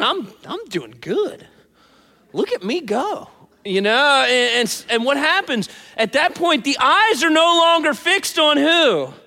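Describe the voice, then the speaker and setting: A man preaching a sermon as pastor, talking in an animated, conversational way with frequent asides. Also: very high-pitched. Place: church sanctuary. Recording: long hall reverb.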